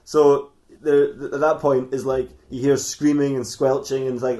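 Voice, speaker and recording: A man's voice: mid-range voice, fairly even intonation, moderate pace, darkish tone, roomy sound. A man hosting a comedy podcast, improvising a rambling story with frequent laughs and restarts.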